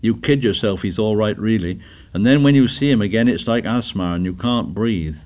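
A man's voice: on the low side, moderate pace, darkish tone, lightly acted. A man reading the part of an anxious, fussy schoolboy who pleads earnestly. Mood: pleading.

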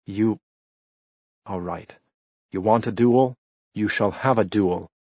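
A man's voice: low voice, normal speed, breathy edge, no room sound, dull audio. A man doing a bitter proud young nobleman. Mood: bitter anger.

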